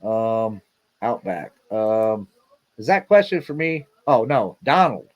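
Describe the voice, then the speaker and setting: A man's voice: lowish voice, sing-song, slow, dull audio. A middle-aged man hosting a casual livestream, rambling and repeating himself with lots of fillers and a laid-back "man" here and there. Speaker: livestream host.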